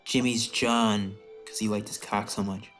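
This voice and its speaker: A man's voice: lowish voice, little pitch movement, measured pace, music in the background. A young man co-hosting a crude comedy podcast, rambling and swearing, sometimes slipping into silly put-on voices to act out scenes. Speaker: podcast co-host.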